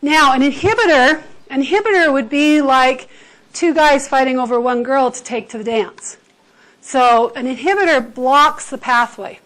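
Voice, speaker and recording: A woman's voice: sits high, moderate pace, a bit bright, poor audio. A woman teacher giving a chemistry lecture to a class, explaining with everyday comparisons and checking in with "okay?". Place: high school classroom.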